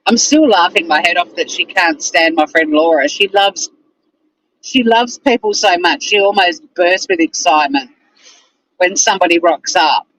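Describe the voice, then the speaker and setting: A woman's voice: fairly low pitch, normal speed, fairly bright tone, low-quality recording. A woman chatting casually on a livestream, answering viewers and ranting bluntly with plenty of swearing and laughter. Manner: blunt, exasperated, swears freely, laughs often. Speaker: streamer. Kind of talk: casual livestream chat reading viewer comments.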